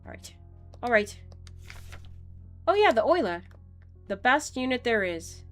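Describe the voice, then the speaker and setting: Playful young female streamer, slow rambling chat over faint music. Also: fairly high pitch, very animated, a bit bright. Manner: playful, rambling, laughing asides. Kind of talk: casual gaming stream chat.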